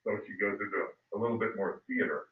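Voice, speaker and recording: A middle-aged male history teacher telling a story to his class, animated and acting out voices. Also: lowish voice, fast. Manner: animated, acts out voices, loud bursts. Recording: phone-like, echoey, distant mic.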